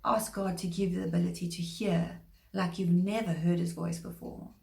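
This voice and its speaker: A woman giving a short devotional sermon, earnest and measured, slowing down to stress scripture. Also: on the low side, steady tone, creaky, warm tone. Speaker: preacher. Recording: echoey room.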